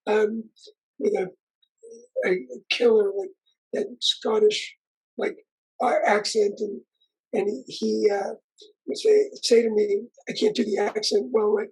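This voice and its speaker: Older male interview guest, strongly raspy voice, rambling storyteller. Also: sits high, steady tone, moderate pace, darkish tone, low-quality recording. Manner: rambling, with frequent restarts and asides. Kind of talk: conversational storytelling.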